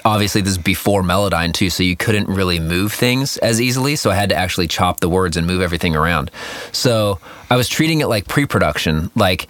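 A man's voice: low-pitched, a bit bright, no room sound. A man in casual chat, answering questions about producing music with lots of fillers and acted-out quotes. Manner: rambling, many fillers, acts out quotes.

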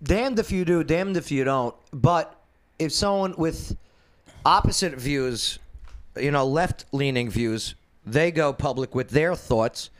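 A man's voice: on the high side, slow. A man hosting a talk radio show, blunt and joking in casual banter with his co-hosts.

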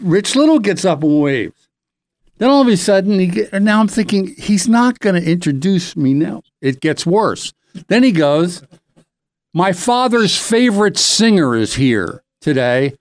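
A middle-aged man hosting a podcast, telling a rambling, animated anecdote in casual chat. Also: sits high, normal speed, no echo. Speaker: podcast host.

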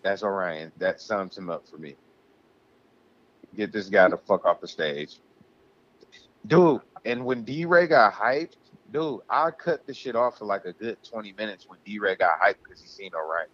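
A man's voice: fairly low pitch, a little slow, lo-fi sound. A man co-hosting a casual podcast, ranting heatedly and swearing a lot. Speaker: podcast co-host.

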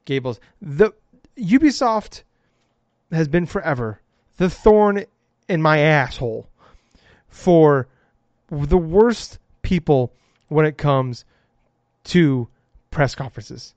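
Heated, swearing man ranting, high lively voice. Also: slow pace, pauses often, dry recording. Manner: profane, heated and exasperated. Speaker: podcast co-host. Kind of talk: ranting casual chat. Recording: dull lo-fi dry sound.

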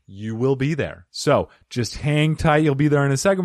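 A man opens his comedy podcast alone, clowning around and swinging his voice up and down for jokes. His pitch sits mid-range but his delivery is lively and animated. The sound is dry and close, with no room echo. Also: moderate pace. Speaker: podcast host. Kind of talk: comedic solo podcast intro.

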